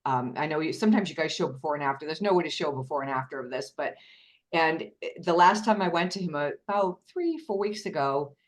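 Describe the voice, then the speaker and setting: A woman's voice: low voice, quick pace. A woman casually sharing her story as a guest, chatty and self-deprecating. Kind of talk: casual chat.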